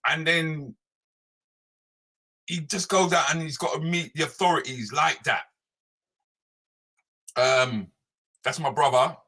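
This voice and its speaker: Animated man, bright voice. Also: a little high, slow pace, long pauses. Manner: animated, loose, slangy, talks straight to viewers by name. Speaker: comedian hosting a live show. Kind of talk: live-stream chat greeting viewers.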